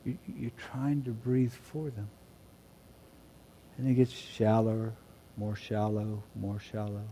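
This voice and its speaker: A man preaching a sermon, moving between quiet reflective passages and loud emphatic shouts. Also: on the low side, flat delivery, slow pace, slight background noise. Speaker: pastor.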